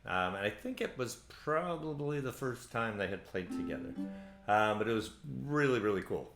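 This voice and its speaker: A man's voice: on the low side, moderate pace, reverberant, over music. A man from Central Florida hosting a ukulele play-along show, chatting casually between songs with lots of ums and uhs. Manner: relaxed, rambling, many ums and uhs.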